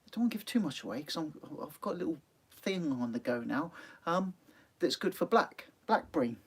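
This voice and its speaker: A man hosting a live fishing stream, chatting casually and reading out viewer comments, laughing often and filling pauses with "um". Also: fairly high pitch, animated, breathy edge. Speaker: sea angling channel host. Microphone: phone.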